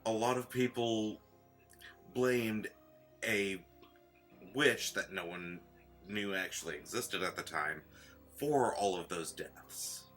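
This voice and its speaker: A man playing a tabletop game, explaining background lore in a measured way. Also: on the low side, fairly bright tone, soft background music. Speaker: player. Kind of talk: casual tabletop game chat.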